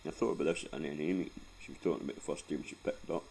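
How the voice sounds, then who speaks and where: A very deep-voiced Scottish man in his forties, gravelly and dark in tone, rambles through a sweary life story with frequent laughs. Soft background noise sits under his voice. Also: steady tone, racing, low-quality recording. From Scotland. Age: 40s. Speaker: vlogger. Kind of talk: casual storytelling.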